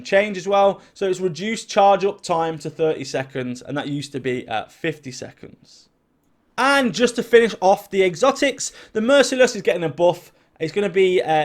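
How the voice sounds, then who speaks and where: A man with a fairly high voice runs through game update notes in a casual, chatty way. He gets excitable and throws in quick personal asides between the items he reads out. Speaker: gaming YouTuber. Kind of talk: casual patch-notes commentary. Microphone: desk mic at a home gaming setup.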